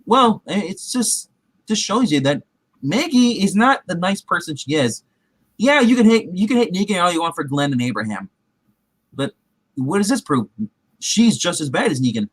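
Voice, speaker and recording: A man's voice: high voice, very animated, moderate pace, husky, no echo. Rambling man recapping a show. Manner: rambling, heavy with fillers and restarts; acts out characters' quotes in his retelling. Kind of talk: casual TV recap chat.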